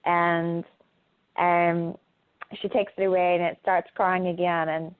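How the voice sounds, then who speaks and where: Very slow, halting woman on a tinny phone line. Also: on the low side, little pitch movement, smooth. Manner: hesitant, halting, many filler sounds. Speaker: guest. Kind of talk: casual interview over a call. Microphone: phone call.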